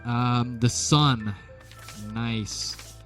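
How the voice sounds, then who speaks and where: A man's voice: mid-range voice, fairly even intonation, extremely slow. A young man giving casual, rambling gameplay commentary with jokes at his own expense. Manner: rambling, jokey, self-deprecating. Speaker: let's play commentator. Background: game music.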